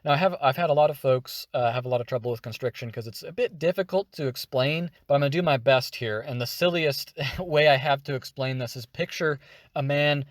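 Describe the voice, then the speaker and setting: Energetic male tutor demonstrating techniques, dry close mic. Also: mid-range voice, brisk, dry recording. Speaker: voice acting teacher. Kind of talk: tutorial explanation.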